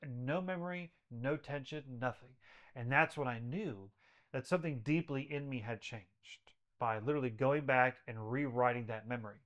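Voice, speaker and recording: A man's voice: mid-range voice, moderate pace, a bit bright, dull audio. A man who works with patients, speaking as a podcast guest in an earnest, emphatic way, building his points through repetition. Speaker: podcast guest, health practitioner. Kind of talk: conversational interview storytelling.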